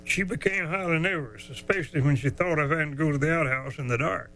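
A man spins a folksy tale in a bright, forceful voice pitched a little high. He drawls and chuckles along, and stretches out the tense moments. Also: slight background noise, poor audio. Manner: drawling, chuckling, dramatic slowdowns. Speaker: storyteller. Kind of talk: folksy storytelling.

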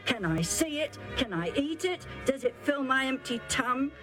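Rough young hunter, loud and demanding, done by a woman narrator. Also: on the high side, animated, a little slow, faint music behind, voice pushed up. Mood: scornful.

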